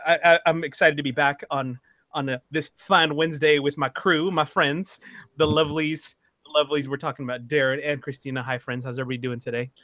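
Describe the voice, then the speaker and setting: Bright, excitable male podcast host. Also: mid-range voice, no echo, studio quality. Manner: excitable, joking, lots of restarts and laughs. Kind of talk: casual podcast chat.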